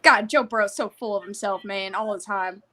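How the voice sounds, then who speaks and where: This young woman is hosting a casual livestream from home at a desktop mic. She talks in an excited, rambling way and laughs often. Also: mid-range voice, normal speed. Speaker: livestream host.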